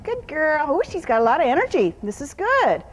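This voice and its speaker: A woman horse trainer with a high, wildly swooping voice talks fast during a live arena demonstration. The big-room audio carries a little hiss or hum as she explains each step to onlookers and coos praise at the horse.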